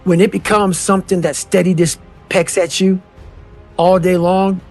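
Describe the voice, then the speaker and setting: A man's voice: high-pitched, flat delivery, moderate pace, a little mellow. A middle-aged man from the United States giving blunt, profane motivational talk and calling listeners "man" and "bro". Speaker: motivational speaker. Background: faint music.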